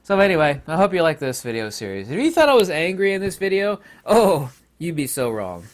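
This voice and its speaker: A man's voice: big pitch swings, fairly quick, hardly any pauses. Emphatic, combative man lecturing. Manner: emphatic and combative, swinging between loud outbursts and low asides. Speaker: video lecturer on Buddhism. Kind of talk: impassioned monologue to camera.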